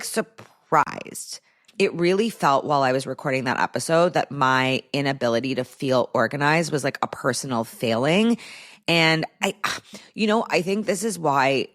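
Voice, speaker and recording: A woman with a low, deep-set voice hosts her own podcast in a loose, conversational way. She talks candidly straight into the microphone and peppers her sentences with "like". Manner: chatty and candid, heavy use of "like". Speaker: podcast host. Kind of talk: casual solo podcast chat.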